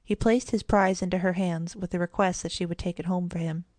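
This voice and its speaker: A woman giving gentle, even scripted narration of a children's storybook. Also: on the low side, a little fast, dry recording. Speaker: audiobook narrator.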